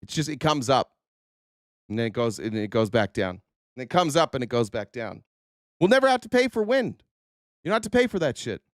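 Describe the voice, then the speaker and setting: A man hosting a political livestream, full of sarcasm and swearing as he rants and reads out viewer comments. His voice is smooth and resonant, a little worn, with a dry, close sound and no room echo. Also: medium pitch, very animated, brisk, long pauses. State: voice a bit worn. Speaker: livestream host. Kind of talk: casual political livestream rant.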